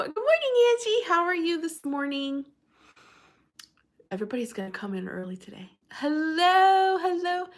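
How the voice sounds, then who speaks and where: A woman's voice: on the high side, a bit bright. A woman hosting a casual livestream, chatting and greeting viewers by name in a bubbly way. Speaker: livestream host.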